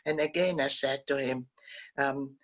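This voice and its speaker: Older woman, halting gentle storytelling. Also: rumbling low, fairly even intonation, muffled recording. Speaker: guest speaker, Holocaust survivor. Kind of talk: recounting personal memories in a talk.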